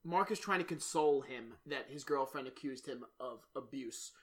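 A man co-hosting a podcast in casual chat, telling animated stories, swearing and acting out quotes. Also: mid-range voice, normal speed. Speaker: podcast co-host.

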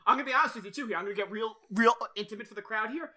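A man's voice: sits high, racing, sharp tone. A man hosting a podcast in casual chat, rambling, swearing and often laughing. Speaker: podcast host.

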